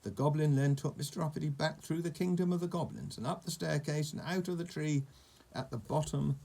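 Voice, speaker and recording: A man's voice: on the high side, brisk, vocal fry, warm tone. A man reading a children's storybook aloud, with chatty asides to a young listener about the pictures.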